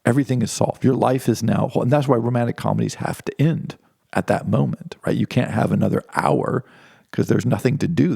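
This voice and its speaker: A man's voice: lowish voice, gravelly, mellow, breathy edge, no room sound, studio quality. A man giving an informal philosophy lecture, talking conversationally with many restarts and asides.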